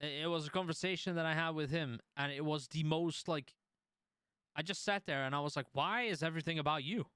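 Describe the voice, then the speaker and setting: A man's voice: a little high, steady tone, a little fast, a bit bright, clean tone, no room sound, studio quality. A man streaming, chatting casually about his experiences, with many restarts and the odd swear word. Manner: conversational, restarts and swears while telling a story.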